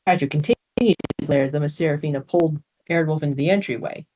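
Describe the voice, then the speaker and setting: A reader narrating a fantasy story aloud in a steady, plain manner. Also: medium pitch, fast, a little hiss or hum.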